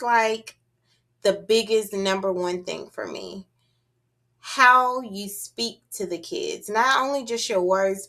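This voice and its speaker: A woman giving a teacher training talk on early childhood classrooms, explaining in a measured, instructive way and often checking in with "right?". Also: medium pitch, a bit bright.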